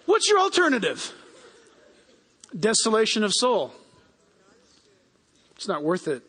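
Male pastor, sermon, high voice, long hall reverb. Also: unhurried, breathy edge. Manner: animated, acts out quoted people in raised voices.

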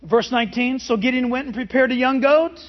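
High-voiced emphatic male preacher. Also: brisk, muffled recording. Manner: animated, emphatic preaching with rhetorical questions. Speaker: pastor. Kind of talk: sermon.

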